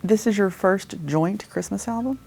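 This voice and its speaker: A man's voice: high-pitched, normal speed, creaky, darkish tone. A man interviewing his guests with light, joking asides. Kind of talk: interview questions.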